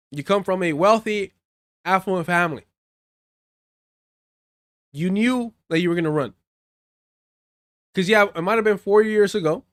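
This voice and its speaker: A man with a high, slightly bright voice speaks a little slowly with long pauses, recorded dry with clean studio sound. Doing live political commentary, he reads news articles aloud and breaks into heated, profane rants, now and then dropping in Spanish phrases.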